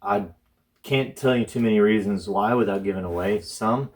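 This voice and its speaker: A man co-hosting a casual comics chat with his wife, joking and quick with apologetic asides. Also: on the low side. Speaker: co-host.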